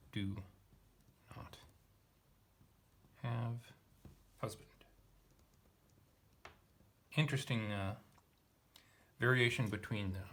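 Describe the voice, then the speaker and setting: A man's voice: lowish voice, fairly bright tone, a little hiss or hum. A man teaching Latin, methodically parsing verb forms and thinking aloud as he reads through a text. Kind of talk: explaining Latin grammar while reading.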